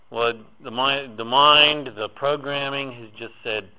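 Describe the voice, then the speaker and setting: A man guides a group through a spiritual talk, building phrase on phrase in an incantatory, repetitive rhythm that rises into emphatic swells. His voice sits at an ordinary middle pitch. The recording is thin and tinny, like a phone line. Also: fairly even intonation, moderate pace, few pauses, clear, resonant tone. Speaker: spiritual workshop leader.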